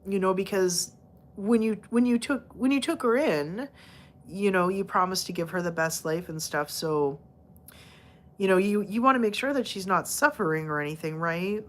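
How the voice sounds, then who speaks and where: A woman's voice: medium pitch, normal speed. A woman hosting a livestream, chatting casually with viewers, with many fillers and restarts. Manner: talks to viewers by name from chat. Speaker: livestream host.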